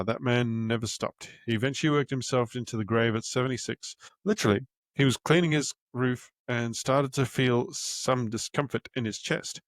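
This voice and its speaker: A man's voice: medium pitch, no room sound, studio quality. A young man hosting a podcast, reading aloud from his own book with casual, candid asides and the odd swear word. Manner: candid and casual, swears freely, stops to find his place. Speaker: podcast host and author.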